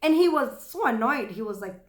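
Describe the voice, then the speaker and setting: A woman with a Kenyan accent telling a story casually to camera, chatty and animated, often laughing. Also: on the high side, a little fast. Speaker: vlogger. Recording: echoey room.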